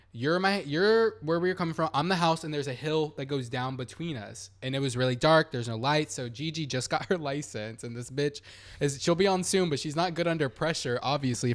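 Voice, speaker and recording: A young man from San Antonio hosts a casual podcast chat, animated and full of swearing as he tells a story. His voice sits a bit high for a man, and he acts out the people he quotes. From San Antonio, Texas. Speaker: podcast host.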